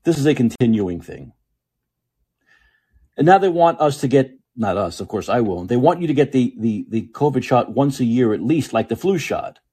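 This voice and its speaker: A man's voice: mid-range voice, animated, a little fast, hardly any pauses, warm tone, husky. A man hosting a podcast, ranting angrily and sarcastically with lots of swearing. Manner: angry, profane, sarcastic ranting. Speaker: podcast host. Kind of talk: ranting political commentary.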